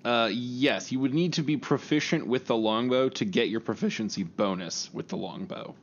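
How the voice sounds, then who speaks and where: A man's voice: mid-range voice, moderate pace, muffled recording, slight background noise. A man running a tabletop game as game master, joking and rambling between rules answers. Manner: joking, rambling, laughs often.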